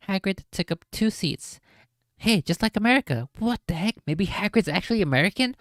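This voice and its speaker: A woman's voice: mid-range voice, lively intonation, fairly quick, dry recording. A woman streamer reading a book aloud on a live stream, casual and jokey, breaking off for swearing asides.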